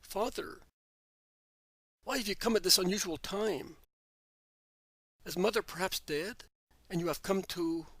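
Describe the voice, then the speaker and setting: A man's voice: sits high, unhurried, pauses often, fairly bright tone, dry recording, full character voice. A man voicing a frightened, wasted young man hiding in a cave who calls out fearfully. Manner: fearful and accusing.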